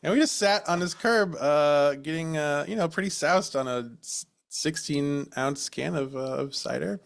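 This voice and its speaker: A man's voice: on the high side, measured pace, creaky. An American man co-hosting a podcast in casual chat, joking and laughing often as he tells stories. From United States. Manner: jokey, laughs often, slips into silly voices when quoting people. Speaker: podcast co-host and storyteller.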